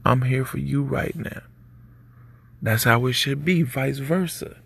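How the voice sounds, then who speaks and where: Male podcast host, gravelly and husky, easygoing preachy delivery. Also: mid-range voice, measured pace. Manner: laid-back, preachy, street slang. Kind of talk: casual advice monologue.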